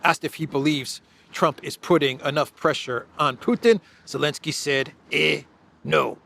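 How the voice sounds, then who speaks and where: A man's voice: on the high side, moderate pace, fairly bright tone. A man giving solo political commentary in a sarcastic tone, with frequent hesitations and fillers.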